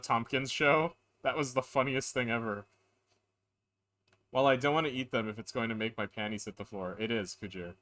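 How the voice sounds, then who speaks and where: A man streaming a game live, chatting casually and reading lines in a flat monotone. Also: medium pitch. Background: game music.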